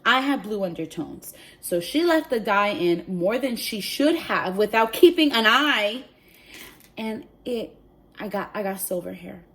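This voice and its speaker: A pregnant woman vlogging, telling a story to camera in an animated, chatty way, often saying "like" and "literally.". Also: medium pitch, unhurried.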